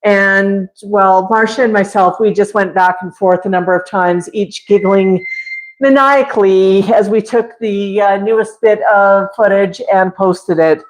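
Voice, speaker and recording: A woman hosting a casual livestream, chatting with viewers and coaxing her parrots in a high pet-talk voice. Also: fairly even intonation, measured pace, low-quality recording.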